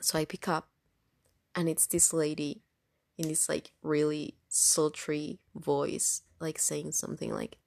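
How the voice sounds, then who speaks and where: A woman's voice: low voice, little pitch movement, measured pace, vocal fry, darkish tone, no echo, clean studio sound. A woman telling a story in casual chat, rambling along with lots of fillers. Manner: chatty, rambling with many fillers. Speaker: storytime vlogger.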